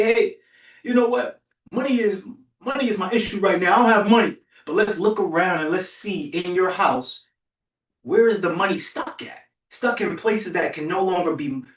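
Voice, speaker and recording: A fairly high-voiced man preaches with energy to an online summit audience, repeating phrases and urging people to type in the chat. He sounds set back from the microphone, and the room has a clear echo. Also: distant mic. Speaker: summit host and motivational speaker. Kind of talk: motivational talk on a virtual summit. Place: virtual event broadcast.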